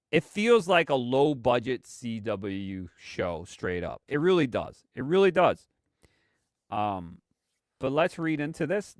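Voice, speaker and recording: A man's voice: medium pitch, a bit bright, no room sound, clean studio sound. A man casually commenting on a live stream, rambling and hesitant with plenty of fillers.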